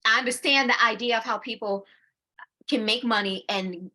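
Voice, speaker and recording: This forties-aged co-host speaks at a normal speed with a pitch on the high side, keeping the casual chat crisp, forward, bright, and lively. Words get repeated as she finds her thoughts, laughter comes often, and she performs her inner voice partway through sentences.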